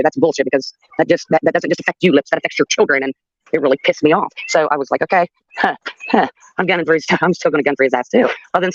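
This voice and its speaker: A woman's voice: on the low side, no room sound, highs cut off. An older woman telling a story on her livestream in a blunt, profane way, with laughs between her sentences. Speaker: livestream host. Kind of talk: casual storytelling.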